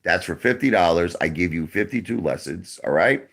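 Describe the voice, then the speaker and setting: A man's voice: sits low, animated, normal speed, a bit bright. A man in his forties answering his chat on a casual livestream, defensive and repetitive, who keeps calling the viewers brother. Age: 40s.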